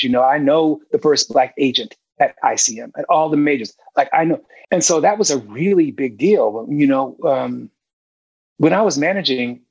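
A man's voice: mid-range voice, breathy edge, no echo, dull audio. A middle-aged man talking as a guest film director in a casual interview, emphatic and candid, swearing freely.

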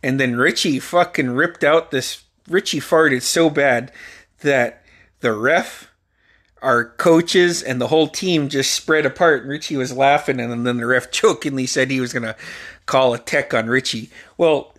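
A man's voice: mid-range voice, unhurried, fairly bright tone. A man in his forties hosting a podcast, telling a story in a loose, profane, rambling way and laughing along. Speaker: podcast host. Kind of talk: casual storytelling.

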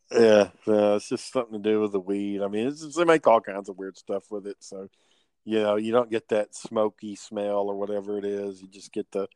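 A man's voice: lowish voice, steady tone, moderate pace, darkish tone, no room sound. A man telling rambling, profane family stories in casual podcast chat.

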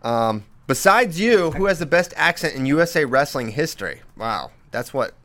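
A man's voice: on the high side, very animated, normal speed, a bit bright. Playful, teasing podcast host man. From Southern US. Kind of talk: casual podcast chat.

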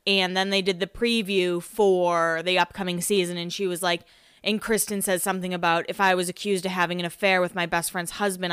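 A young woman hosting a casual solo podcast, rambling and chatty with lots of fillers, her pitch jumping when she gets excited. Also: clean tone, no echo, studio quality. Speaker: podcast host.

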